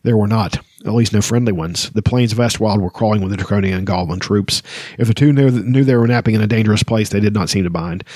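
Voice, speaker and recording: A man's voice: fairly low pitch, fast, a little mellow, no room sound, clean studio sound. A man hosting a casual book podcast, reading passages aloud and rambling between them with frequent ums and you-knows. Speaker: book discussion podcast host.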